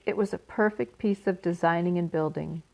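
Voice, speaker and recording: A woman storyteller reading a children's book aloud in a steady, unhurried manner. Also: on the low side, vocal fry, poor audio.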